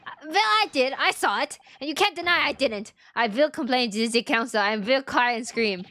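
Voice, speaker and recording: A woman's voice: sits high, animated, normal speed, pushed and bright, no room sound, soft background music. A woman voicing a spoiled, boastful young boy prince with a put-on French-like accent and stiff, whiny broken English. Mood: haughty. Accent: put-on French-like foreign accent.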